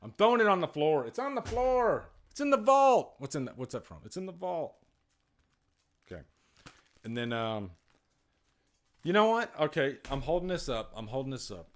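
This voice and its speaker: A man's voice: medium pitch, moderate pace, long pauses. A man hosting a live movie night stream from a room at home, chatting casually and joking with his viewers. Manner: excitable, joking, talks straight to his chat. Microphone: external mic.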